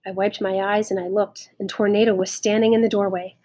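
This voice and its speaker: A woman reading a children's novel aloud, tender and expressive. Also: mid-range voice, a little fast. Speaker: audiobook reader. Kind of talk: audiobook narration.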